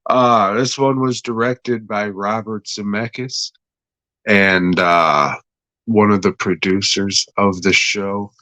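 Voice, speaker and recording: A man's voice: on the low side, fairly bright tone, no room sound. A man casually recapping a horror episode, swearing freely, chuckling and correcting himself as he goes. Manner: profane, offhand, self-correcting, chuckling. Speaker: horror show reviewer.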